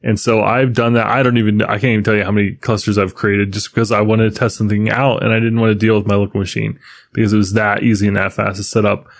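A man's voice: fairly low pitch, flat delivery, fast talker, gravelly. A man co-hosting a casual tech podcast, chatting and laughing as he rambles about his projects. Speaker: podcast co-host.

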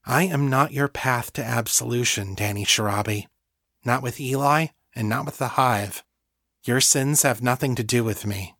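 A man's voice: medium pitch, normal speed, no room sound, studio quality. Man reading a grave, blunt pregnant girl. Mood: stern. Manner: grave, quiet, flat.

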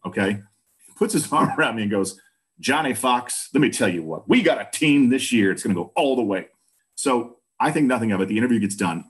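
A man in his fifties from Boston, a former news broadcaster, telling stories in a casual interview and acting out other people's voices. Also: lowish voice. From Boston, USA. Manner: animated storyteller who acts out other people's voices.

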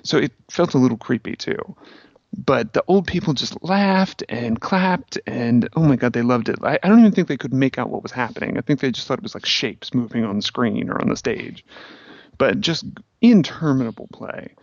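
A man's voice: mid-range voice, expressive, normal speed, vocal fry, no room sound. A man in casual podcast chat, telling a long sardonic story with many fillers. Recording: dry, slightly dull podcast audio.

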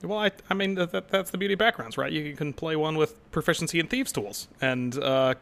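A man on a relaxed podcast panel, with a raised pitch and a rough, gravelly edge to his voice. He is opinionated and eager, drifting off into tangents as he makes his case. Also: brisk. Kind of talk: casual podcast discussion.

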